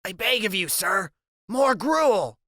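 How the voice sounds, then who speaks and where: A man's voice: high-pitched, very animated, slow, sharp tone, no echo, clean studio sound, voice pushed up, exaggerated voice. A man voicing a small, brainy boy who talks in grand, old-fashioned phrases in an audiobook. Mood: theatrical pleading.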